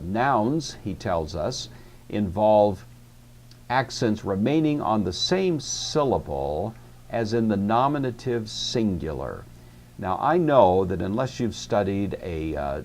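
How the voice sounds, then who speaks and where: Low-voiced male instructor, patient and explanatory lecture delivery, faint room noise behind. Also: a little mellow. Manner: patient, explanatory, with frequent "you see" and "uh". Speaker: Greek teacher. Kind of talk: recorded classroom lecture.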